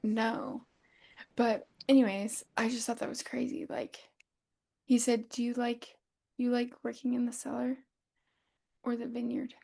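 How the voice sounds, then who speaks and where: A woman's voice: fairly high pitch, measured pace, vocal fry, pauses often, slightly rough. A woman co-hosting a podcast, from the United States, telling stories in casual chat, acting out what others said and laughing often. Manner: animated storytelling, acting out quotes, laughing often. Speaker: podcast co-host.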